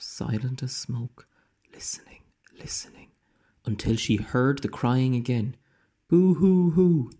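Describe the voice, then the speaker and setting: Male teacher reading aloud to kids; husky, mellow, slow, with hushed whispers. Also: medium pitch. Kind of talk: storybook read-aloud.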